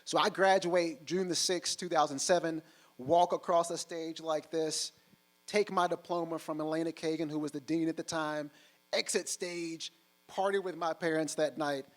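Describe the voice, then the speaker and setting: Animated higher-voiced man telling stories. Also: normal speed, poor audio. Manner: animated, acts out other people's voices. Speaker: keynote speaker. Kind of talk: humorous storytelling talk. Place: on stage before a live audience.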